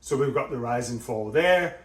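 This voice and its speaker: A man coaching on speaking, explaining delivery in an animated teaching way. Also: mid-range voice, moderate pace, roomy sound, far from the mic. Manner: animated, demonstrates with his voice.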